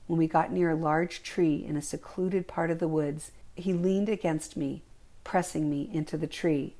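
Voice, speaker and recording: A woman reading her own memoir aloud in a calm, reflective first-person narration. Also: low-pitched.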